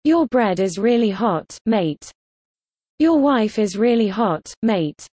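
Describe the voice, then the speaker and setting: A woman reading example sentences for a slang lesson with a lively, bouncy delivery. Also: medium pitch, slow pace, slightly rough, dry recording. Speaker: teacher.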